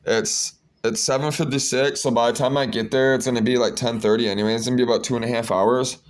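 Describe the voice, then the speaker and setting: A man's voice: mid-range voice, quick pace. A young man talking to the camera in a casual vlog, preaching and rambling as he repeats words while he searches for the next one. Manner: gets loud and excited when retelling a story. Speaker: vlogger.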